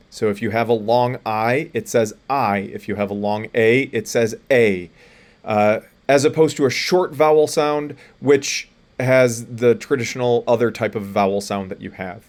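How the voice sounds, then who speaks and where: A man, a college lecturer giving a recorded lecture, explaining plainly and spelling out letters, with frequent fillers and restarts. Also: mid-range voice.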